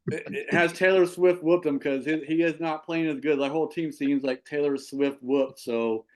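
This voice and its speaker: A man hosting a casual sports talk show, animated and quick to repeat himself as he asks his co-hosts questions. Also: on the high side. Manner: animated, repeats and restarts words. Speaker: show host and football official.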